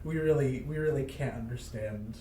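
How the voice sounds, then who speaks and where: A man's voice: mid-range voice, crowd noise. Dry-witted American man in echoey room. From United States. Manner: dry joking, quick asides. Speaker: podcast host. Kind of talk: casual chat.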